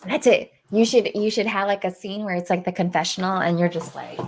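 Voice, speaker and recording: A woman's voice: medium pitch, brisk, vocal fry, a little hiss or hum. A woman guest on a live-stream show over a video call, talking animatedly and playfully, often breaking into laughter. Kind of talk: casual live-stream chat.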